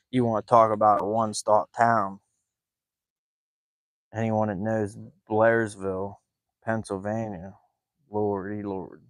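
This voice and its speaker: A rambling, amused man who drifts from story to story and laughs often. His voice sits on the low side, recorded close and dry with no room sound. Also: little pitch movement, slow pace, long pauses, dry recording. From West Virginia and Ohio. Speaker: fishing vlogger. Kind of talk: casual storytelling.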